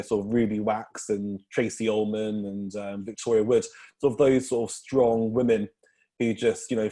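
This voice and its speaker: A man's voice: lowish voice, mellow. Rambling man, comedian guest. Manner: rambling, filler-heavy, laughs often. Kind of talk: casual podcast interview.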